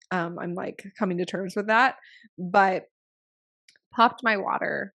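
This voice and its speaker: A woman's voice: medium pitch, fairly even intonation, takes it slowly, vocal fry, long pauses, fairly bright tone. A young woman telling her own story as a podcast guest. She talks frankly and casually, swears freely and uses lots of filler words. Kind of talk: candid personal storytelling.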